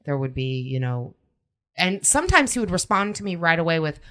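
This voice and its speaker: A woman's voice: deep voice, very animated, brisk, fairly bright tone, a little hiss or hum. A woman candidly telling a personal story in a casual podcast chat. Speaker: podcast guest.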